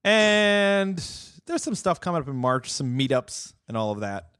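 A man's voice: mid-range voice, big pitch swings, fairly quick, no echo, clean studio sound. Joking man co-hosting a tech podcast. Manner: joking, playful asides, trails off quietly. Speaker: podcast co-host. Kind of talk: casual tech podcast chat.

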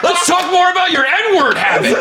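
A man's voice: very high voice, big pitch swings, moderate pace, echoey room, loud music behind the voice. A man who is a guest on a cooking show, chatting casually and cutting in with mocking jokes. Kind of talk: casual comedic chat.

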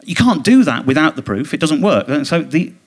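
A man's voice: fairly high pitch, big pitch swings. Indignant male comedian telling a story. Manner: rambling, indignant storytelling with quick mimicked quotes. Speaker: comedian guest. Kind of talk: casual anecdote in a live podcast interview. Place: theatre stage.

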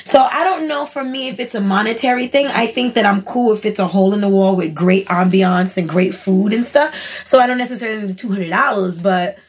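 A woman co-hosting a casual podcast chat, animated and quick to laugh. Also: mid-range voice.

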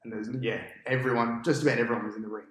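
A cricket captain telling a long match story on a podcast, in a casual, animated way and with an Australian accent. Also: male voice, mid-range voice, very fast, echoey room, poor audio. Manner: animated storyteller, acts out his own past thoughts.

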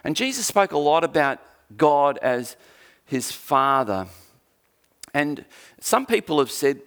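A man's voice: a little high, very animated, slow pace, pauses often, fairly bright tone, clean tone. A man preaching a sermon in church, conversational and jokey, often restarting his sentences. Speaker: pastor.

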